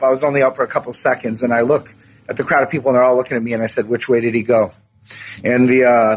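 A man's voice: medium pitch, breathy edge. A young man, bluntly recounting a story in casual, profane talk with plenty of fillers. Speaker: interviewee recounting an assault. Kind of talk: casual first-person storytelling.

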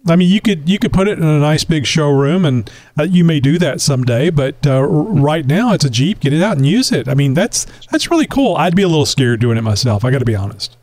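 A man's voice: on the high side, expressive, fairly quick, hardly any pauses, a little mellow, no room sound, low-quality recording. A man hosting a casual chat, joking and laughing easily with his guest. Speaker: host.

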